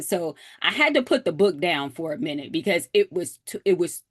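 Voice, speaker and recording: A woman with a very low voice talks openly in a casual book club chat. The sound is dry and close, with no room echo. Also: normal speed, breathy edge. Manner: open and personal, lively retelling.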